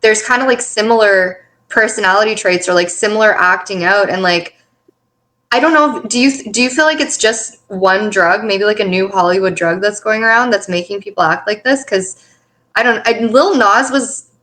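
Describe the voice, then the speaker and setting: A woman's voice: medium pitch, normal speed, sharp tone. A woman co-hosting a casual celebrity gossip chat, eager, with restarts and fillers as she talks. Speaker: co-host.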